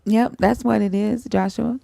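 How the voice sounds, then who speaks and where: A woman's voice: medium pitch, steady tone, unhurried, creaky, warm tone, dry recording, studio quality. A young woman hosting a live stream, arguing bluntly and swearing freely as she confronts guests and commenters. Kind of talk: heated live-stream debate.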